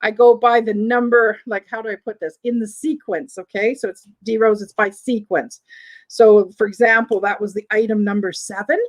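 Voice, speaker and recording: A woman's voice: medium pitch, fairly even intonation, moderate pace, poor audio. A woman with a Southern American accent hosting a live online vintage sale in a chatty way, reading viewer comments aloud between descriptions of items. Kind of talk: live-stream sales chat.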